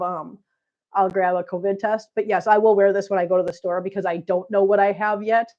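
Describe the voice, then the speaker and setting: A woman's voice: medium pitch, darkish tone, lo-fi sound. A middle-aged woman, sick and coughing, chatting casually and rambling with viewers on her live stream. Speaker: vlog host reading live chat.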